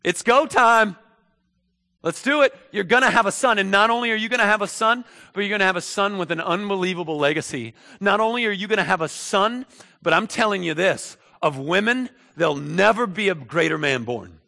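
A proud male archangel, put on by a preacher, booms out in a high, loud, bright voice. He stresses every word with slow, imperious force. The sound carries a long hall echo. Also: lively intonation, creaky, slightly rough, heavily acted. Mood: excited. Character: indignant male archangel messenger, booming and proud. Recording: echoey hall.

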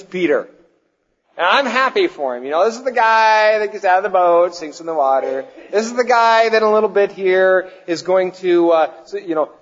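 A man preaching a sermon to his congregation, swinging between loud declarations and hushed, slow questions. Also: fairly high pitch, long reverb tail, lo-fi sound. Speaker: pastor.

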